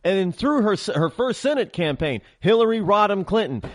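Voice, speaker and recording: A man's voice: sits high, sing-song, normal speed, hardly any pauses, dry recording, studio quality. A man hosting a political talk show, ranting heatedly in a monologue and often stammering and restarting.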